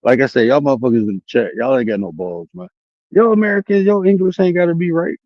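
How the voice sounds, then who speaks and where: A man's voice: on the high side, quick pace, dry recording, muffled recording. A man ranting on his own livestream, taunting the chat with profanity and challenging viewers to join the call. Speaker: streamer and life coach. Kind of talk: casual livestream rant. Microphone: streaming setup mic.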